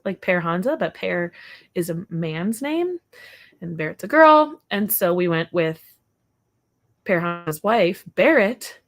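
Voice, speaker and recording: A young woman hosting a casual livestream from her home, chatting in a rambling way with viewers and stopping now and then to talk to her dog. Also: lowish voice. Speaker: livestream host.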